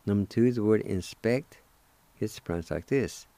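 A man's voice: fairly low pitch, moderate pace, dark tone, dry recording. A middle-aged man hosting a radio language lesson, patiently spelling out and repeating each word syllable by syllable. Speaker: radio host teaching Cherokee words.

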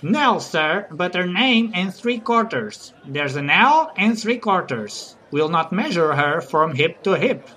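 A man's voice: sits high, sing-song, slow, hardly any pauses, sharp tone, heavily acted. A man voicing a cheeky male servant in a mock-theatrical tone.

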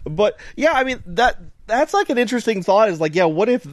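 A man's voice: high-pitched, sing-song, a little fast, no echo. A man co-hosting a podcast in casual chat, rambling and joking with lots of fillers. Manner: rambling, filler-heavy, jokey. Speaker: podcast co-host.

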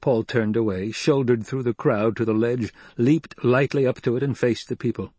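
A man narrating an audiobook in a measured, even delivery. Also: mid-range voice, breathy edge, no room sound.

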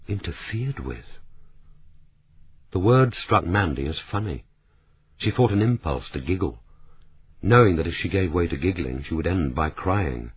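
A man narrating an audiobook in a measured, even storytelling manner. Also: sits low, husky. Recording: tinny narrow-band audio.

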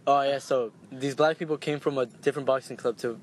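A man's voice: fairly even intonation, fairly quick, slight background noise. A young man chatting crudely with friends, swearing freely and laughing often as he tells a story. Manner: swears freely, laughs often, goes high when quoting people. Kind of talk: crude casual chat among friends.

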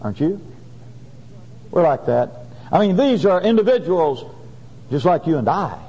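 A man preaching a sermon and reading scripture in a folksy, halting way with many restarts. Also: on the high side, very animated, dark tone, husky. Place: church. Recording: dull lo-fi church recording with long reverb.

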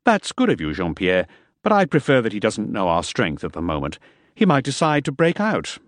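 A man voicing a brisk, cautious male mercenary commander in an audiobook, asking clipped, commanding questions. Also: on the low side, wildly swooping pitch, no room sound, clean studio sound. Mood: diplomatic. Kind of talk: audiobook character voice.

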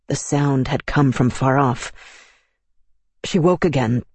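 A man narrating an audiobook in a measured, even manner. His voice is husky and mid-pitched, recorded dry and close on a studio mic. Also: dry recording.

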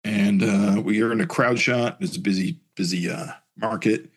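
A man's voice: fairly low pitch, moderate pace, husky. A man hosting a podcast, casually reading a comic aloud with plenty of fillers. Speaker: podcast host.

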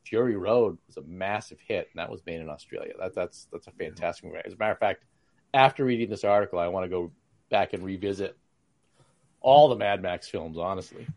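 Give me a low-voiced man co-hosting a podcast, dry and close, animated in his telling. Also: brisk, dry recording. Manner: animated, with many restarts. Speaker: podcast co-host. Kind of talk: casual chat.

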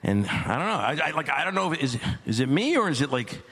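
A man in his forties performing a stand-up comedy set, telling stories deadpan and building to loud absurd bits. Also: a little high, fast talker.

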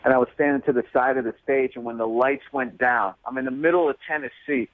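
A male comedian telling stories in a casual interview, lively and acting out other voices. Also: medium pitch, fast talker, dry recording. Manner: animated storyteller, acts out voices. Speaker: comedian guest. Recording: tinny phone line.

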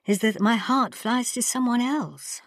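A woman's voice: lowish voice, sing-song, moderate pace, husky, no echo, studio quality. A woman voicing a tearful young noble bride-to-be, pleading and wailing. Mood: miserable.

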